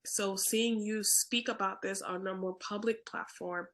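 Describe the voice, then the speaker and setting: A woman's voice: mid-range voice, steady tone, a little slow, fairly bright tone. A young adult woman hosting a podcast in casual interview chat, chatty and stumbling over her words with lots of fillers. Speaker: podcast host.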